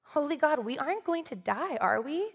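A woman's voice: sits high, very animated, vocal fry, long reverb tail, voice pushed up, exaggerated voice. A woman voicing an exasperated male ancient prophet who fires off disbelieving questions. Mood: pleading. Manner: incredulous rapid questions.

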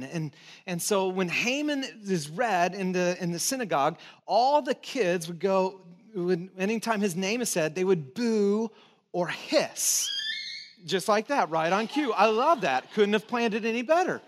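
Male pastor, sermon, conversational, emphatic, high-pitched voice. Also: expressive, a little slow. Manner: conversational, emphatic, with restarts and asides; drops to soft, intimate encouragement.

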